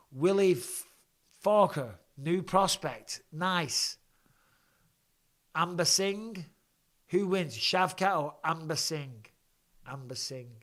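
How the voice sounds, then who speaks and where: A man's voice: fairly high pitch, fairly bright tone. A man, hosting a casual live stream and reading viewer comments with blunt, swearing, mock-annoyed banter. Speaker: host of a live show.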